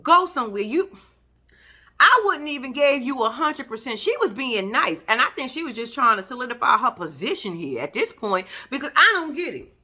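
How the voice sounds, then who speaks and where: A woman's voice: high-pitched, big pitch swings, normal speed, sharp tone. A woman giving casual reaction commentary as a vlogger, blunt and profane, ranting in exasperation.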